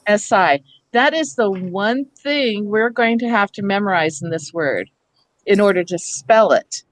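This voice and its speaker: A woman running a hands-on workshop for teachers, patient and explanatory, often pausing to check that the group follows. Her voice sits at an ordinary middle pitch. It is recorded close and dry in a school room. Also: animated, no echo, rough recording. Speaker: reading workshop presenter for teachers.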